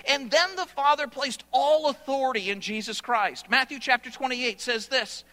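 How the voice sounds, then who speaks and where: Male pastor, sermon, emphatic, bright tone, echoing hall. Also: very high-pitched. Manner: emphatic preaching with repeated phrases, slowing for scripture.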